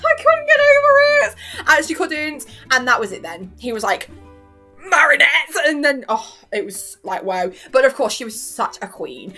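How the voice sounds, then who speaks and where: A young woman, gushing in a casual, animated vlog chat about a cartoon season. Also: fairly high pitch. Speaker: vlogger reacting to a cartoon season. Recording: faint guitar music behind.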